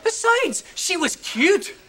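An actor playing a cheeky grown Scottish son working in his father's shop, teasing with quick comebacks and mock sentiment, with a Scottish accent. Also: very high voice, very animated, bright, forceful tone, a little hiss or hum, exaggerated voice. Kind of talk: sketch comedy acting.

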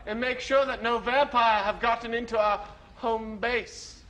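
A man's voice: extremely high pitch, steady tone, unhurried, pushed and bright, exaggerated voice. A man voicing a hammy stage actor declaiming a hero's vow on stage. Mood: declamatory. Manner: theatrical, declamatory. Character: hammy male stage actor playing a hero.

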